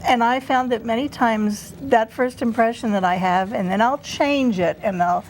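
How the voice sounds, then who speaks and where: A woman's voice: a little high, normal speed, slight background noise, poor audio. A woman in her fifties, a teacher and co-host, talking in casual studio chat, emphatic and repeating herself. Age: 50s.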